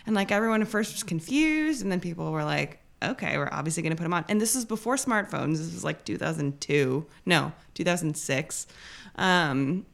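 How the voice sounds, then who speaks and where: Chatty woman with a creaky voice. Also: on the low side, lively intonation, moderate pace. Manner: chatty, rambling, fills speech with "like". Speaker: guest. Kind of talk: casual interview chat.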